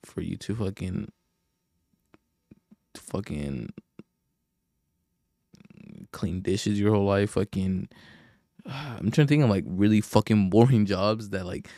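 A man's voice: fairly low pitch, slow pace, gravelly, pauses often, mellow, dry recording, studio quality. A young man hosting a podcast, rambling in a casual rant full of profanity, sighs and fillers. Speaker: podcast host.

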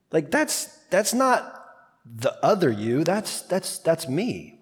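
A man preaching a sermon as pastor, talking in a conversational, animated way with quick asides. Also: fairly high pitch, in a large hall.

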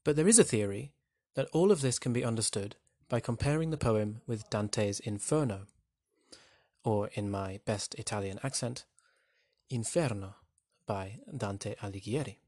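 A man's voice: fairly low pitch, normal speed, darkish tone, no room sound, studio quality. A man teaching literature in a wry, conversational way, posing questions to the listener as he explains a poem. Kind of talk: explanatory lesson narration.

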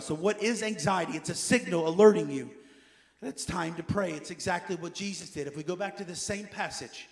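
A man preaching a sermon as pastor, emphatic, repeating key phrases and swinging between loud urging and quiet asides. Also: sits high, brisk.

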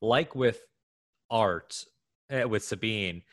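A man co-hosting a podcast in casual chat, speaking with enthusiasm in quick bursts. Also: fairly low pitch, fairly bright tone, no echo, studio quality. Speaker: podcast co-host.

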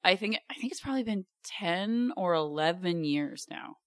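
Dry-witted woman, low-pitched and close. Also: animated, moderate pace, no room sound. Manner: wry, self-deprecating, chatty. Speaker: podcast guest. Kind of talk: casual chat.

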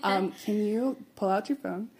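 A woman's voice: medium pitch, a little mellow. A woman hosting her podcast in a casual, giggly chat, sometimes drawing out words in a sing-song way. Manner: chatty, giggly, drawn-out sing-song intro. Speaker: podcast host.

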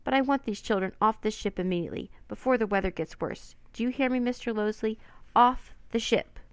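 A woman voicing a gruff, stern male ship captain who gives orders. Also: mid-range voice, lively intonation, a little fast, no echo. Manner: gruff, commanding.

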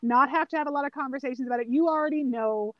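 A woman with a high, bright-pitched voice talks through a film in relaxed conversation, now and then slipping into the characters' lines. The sound is dry and close, a little dull in the highs. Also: rapid-fire, no room sound. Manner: animated storyteller, acts out quoted lines. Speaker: podcast co-host. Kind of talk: casual film discussion.

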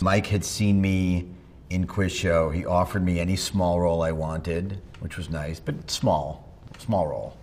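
A middle-aged man, a voice actor being interviewed, telling animated anecdotes and slipping into impressions. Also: low-pitched. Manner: animated storyteller, slips into impressions. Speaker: voice actor guest.

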